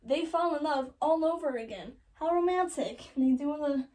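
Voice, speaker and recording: A young woman casually retelling a classic love story as a joke, with sarcastic asides and quick quoted voices. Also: high voice, a little mellow, recorded from a distance, poor audio. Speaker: comedic storyteller. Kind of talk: joking retelling of a classic play.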